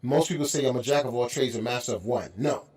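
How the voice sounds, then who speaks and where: A man's voice: medium pitch, fast, a little mellow. A man hosting a radio show, chatting casually and animatedly with his guest, laughing and mimicking voices. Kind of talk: casual interview chat.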